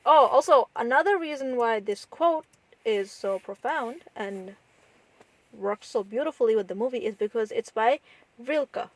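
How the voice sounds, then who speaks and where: A woman's voice: a little high, lively intonation, measured pace, no echo. Woman podcast cohost, thoughtful and easygoing, dry close mic. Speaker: podcast co-host. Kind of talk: casual chat.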